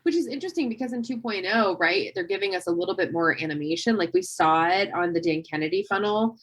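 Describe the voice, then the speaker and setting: A woman co-hosting a casual chat, playful and teasing, with quick interjections. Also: fairly low pitch, expressive. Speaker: co-host.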